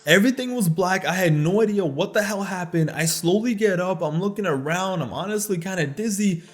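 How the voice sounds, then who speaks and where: A man's voice: sits high, animated, a little fast, soft background music. A young man telling a funny story from his childhood in a casual, slangy way, often laughing as he talks.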